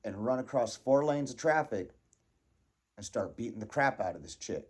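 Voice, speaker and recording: Man, casual storyteller, lively swooping pitch, animated, laughing, acts out his own thoughts. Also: normal speed, a little hiss or hum.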